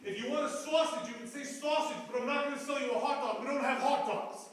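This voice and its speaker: A man voicing a burly, pushy male hot dog vendor who bosses and yells, in an echoey room from far off. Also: very high-pitched, fast talker, a little hiss or hum, voice pushed up. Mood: bossy. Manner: insistent, yelling. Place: art gallery performance space.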